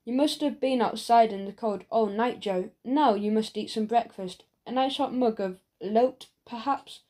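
A woman's voice: fairly high pitch, measured pace, dark tone, natural voice. A woman doing a fussing, kindly shopkeeper man. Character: kindly eccentric male shopkeeper, middle-aged.

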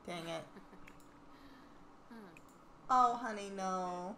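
A woman's voice: medium pitch, expressive, moderate pace, roomy sound, noisy background. A young woman in casual gameplay commentary, chatting and teasing at the game characters as she plays. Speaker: gaming channel host.

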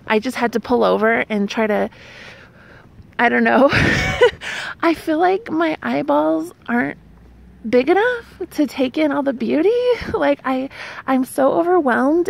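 A woman's voice: high-pitched, creaky. A young woman vlogging outdoors, tearful and gushing, laughing through her crying as she talks. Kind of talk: emotional casual vlog. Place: outdoors at a roadside scenic spot.

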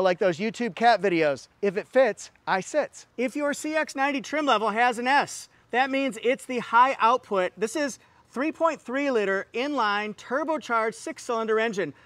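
Man, high voice, upbeat and jokey, car reviewer, dry close sound. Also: fairly bright tone, dry recording. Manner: upbeat and jokey, with exclamations like "holla". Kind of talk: playful walkaround car review.

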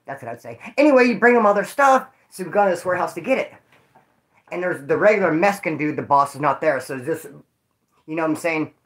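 A man's voice: a little high, expressive, fast talker, a bit bright. A man casually telling stories to his viewers, rambling, jokey and full of swearing. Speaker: vlogger telling prison stories.

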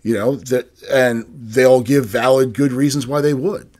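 A man's voice: mid-range voice, steady tone, normal speed, darkish tone. An American man co-hosting a podcast, chatting casually in an easygoing way. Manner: easygoing, lots of agreeing murmurs. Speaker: podcast co-host. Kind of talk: casual chat.

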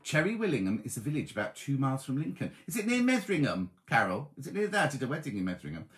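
A man's voice: medium pitch, huge pitch swings, racing. Chatty man reading comments aloud. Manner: chatty, warm greetings to viewers by name, reads comments aloud. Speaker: host reading viewer comments. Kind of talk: casual live-stream chat.

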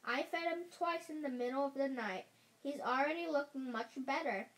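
A woman reading the lines of a calm, gentle mother in a children's book. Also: high voice, moderate pace, lightly acted, rough recording.

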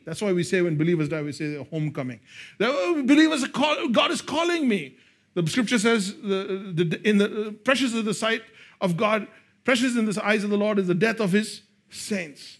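A male pastor preaching a sermon, swinging between hushed, slow lines and loud, excited bursts. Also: high voice.

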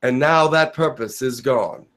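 A man channeling spirit Elijah, slow preaching. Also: medium pitch, fairly bright tone, close to an everyday voice. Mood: earnest. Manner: slow, preaching cadence with dramatic pauses. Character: Elijah, a male spirit giving a solemn message.

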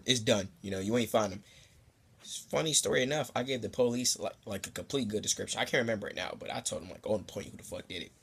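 A young man telling a comedic story to the camera in a casual, profane, rambling way, sometimes jumping into high squeaky voices for the people in it. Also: fairly bright tone, slightly rough. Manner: profane, rambling asides to the viewer. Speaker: storytime vlogger.

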